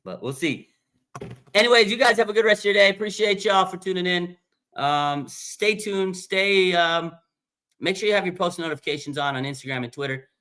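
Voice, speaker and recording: A man hosting a casual fan livestream, reading viewer comments and chatting in a relaxed, thinking-aloud way. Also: sits high, normal speed. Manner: laid-back, thinking aloud with fillers. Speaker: livestream host.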